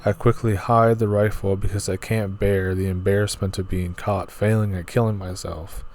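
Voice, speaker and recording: A man with a fairly low voice retells eerie stories from an online forum in a relaxed, offhand way, dropping his own asides between the lines. A faint hiss sits under the recording. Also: moderate pace. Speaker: storyteller reading forum stories. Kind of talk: reading scary stories aloud.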